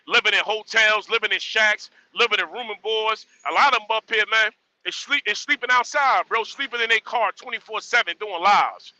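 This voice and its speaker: A man's voice: high-pitched, bright, forceful tone, no room sound, rough recording. A man hosting a live stream, scolding his audience in a blunt, repetitive rant. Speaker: livestream host. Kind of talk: ranting live stream monologue.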